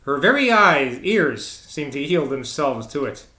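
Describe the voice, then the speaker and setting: Guy reading a novel out loud, chatty asides, kinda high bright voice, echoey room. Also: very animated, measured pace. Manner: informal, chatty, self-interrupting. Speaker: audiobook reader.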